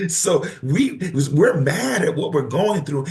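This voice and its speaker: A man's voice: a little high, sing-song, slow pace. A middle-aged man, a pastor and podcast guest, speaking in an emphatic, preacherly cadence while counseling in conversation.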